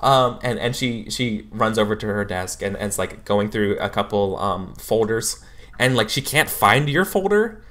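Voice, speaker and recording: Halting man narrating a tabletop game. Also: lowish voice, animated, fairly bright tone. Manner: halting, searches for words with many fillers. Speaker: game master.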